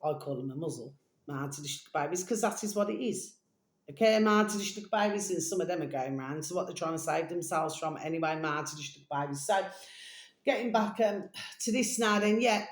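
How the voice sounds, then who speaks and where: A woman vlogging in a rambling, casual monologue, full of fillers and slow dictation. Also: fairly low pitch, expressive. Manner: meandering, full of fillers, dictating text slowly; coos baby talk to her pet. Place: home room. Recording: echoey room.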